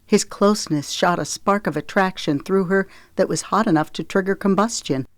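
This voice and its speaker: A woman narrating an audiobook in a measured, expressive reading voice. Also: medium pitch, no echo.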